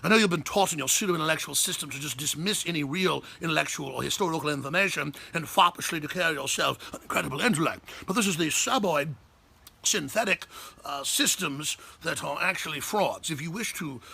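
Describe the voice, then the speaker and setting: A man's voice: on the high side, a little fast, vocal fry, bright, forceful tone, slightly rough, full character voice. A man putting on a haughty posh English lecturer. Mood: condescending. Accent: put-on English. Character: condescending posh English male intellectual.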